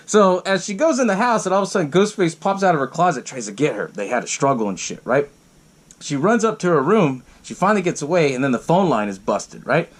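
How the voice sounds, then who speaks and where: A man's voice: a little high, big pitch swings, fast talker. A man hosting a podcast, retelling a horror film in a casual, rambling way, swearing often, laughing, and acting out the characters' lines. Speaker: podcast host. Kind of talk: casual movie recap.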